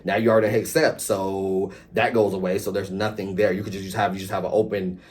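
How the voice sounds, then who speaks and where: A man casually recapping a reality TV episode, chatty and animated, acting out quotes and swearing freely. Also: deep voice, fast.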